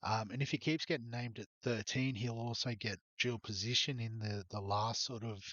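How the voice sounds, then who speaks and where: A man's voice: mid-range voice, fairly even intonation, moderate pace, fairly bright tone, no room sound, dull audio. A man walking through his fantasy rugby league team in a rambling, hesitant way, full of ums. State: has the hiccups. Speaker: fantasy sports youtuber. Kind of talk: casual fantasy team walkthrough.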